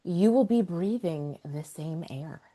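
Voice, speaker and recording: A woman co-hosts a casual podcast chat. Her voice swoops up and down as she reacts with excitement and frequent laughter. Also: fairly low pitch, slow pace, crowd noise. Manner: excitable, supportive, laughs a lot. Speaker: podcast co-host.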